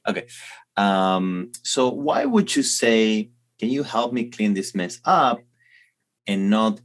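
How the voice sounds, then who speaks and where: A man's voice: on the low side, lively intonation, takes it slowly. Hesitant Argentine man with a Spanish accent. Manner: hesitant, stammering restarts while asking questions. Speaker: co-host. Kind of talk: casual conversational language chat.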